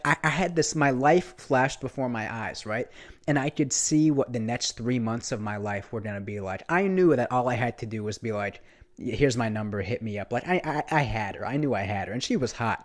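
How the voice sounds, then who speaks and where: A young man vlogging, telling a casual story in a rambling, animated way, full of restarts and swearing. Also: medium pitch.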